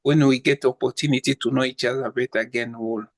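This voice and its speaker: A man's voice: mid-range voice, steady tone, fast talker. A man from the Democratic Republic of Congo, introducing himself politely with many hesitations. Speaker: participant. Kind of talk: personal introduction on a group call.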